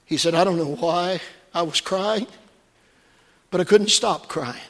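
A man preaching a sermon from the pulpit, moving between quiet storytelling and shouted, fervent peaks. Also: sits high, a little slow, long reverb tail. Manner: preaching that swings from hushed storytelling to shouted climaxes. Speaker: pastor. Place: church sanctuary.

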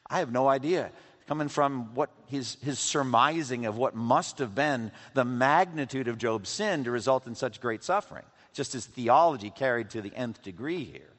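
A man preaching a sermon at a middle pitch, his voice carried through a large hall with a long echo. He reads scripture aloud with emphasis and presses his listeners with questions. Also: moderate pace, fairly bright tone. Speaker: pastor. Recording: reverberant hall, voice from a distance.

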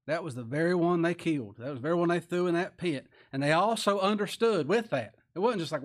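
Folksy preacher man, slightly high voice. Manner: folksy, animated preaching with sudden drops to near-quiet; reads scripture slowly and with emphasis. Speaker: pastor. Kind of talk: sermon.

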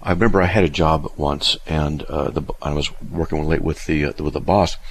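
A man's voice: very deep voice, fairly even intonation, fairly quick, a little hiss or hum. A man teaching faith through personal stories on a live stream, rambling a little and looking up verses aloud. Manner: rambling storyteller, restarts, looks up verses aloud.

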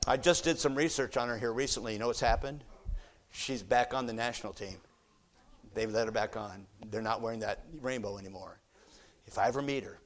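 A man preaching a sermon in a church auditorium, shifting between quiet storytelling and loud, fervent exhortation. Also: mid-range voice, a little fast. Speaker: visiting preacher.

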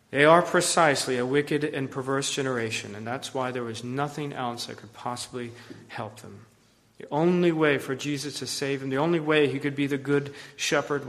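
Earnest preacher in a reverberant hall. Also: male voice. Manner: earnest, swings between loud emphasis and hushed low phrases. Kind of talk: sermon.

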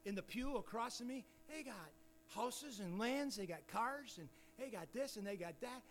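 A man's voice: high voice, expressive, normal speed, pushed and bright, slight background noise, pitched above the performer's own voice. A man voicing a self-pitying poor churchgoer who stammers through his complaint. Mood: envious.

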